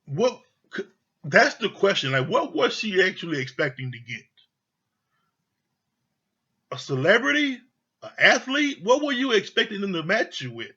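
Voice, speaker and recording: A man's voice: sits high, pushed and bright, slightly rough, dull audio. A man giving a casual, profanity-laced review of a TV show, blunt, exasperated and mocking.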